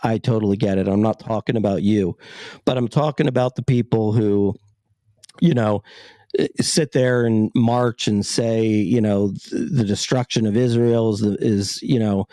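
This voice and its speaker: A man's voice: lowish voice, moderate pace, dark tone, no echo. A man with a Pittsburgh accent co-hosting a podcast, arguing heatedly in casual chat and leaning on "like" and "you know". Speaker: podcast co-host.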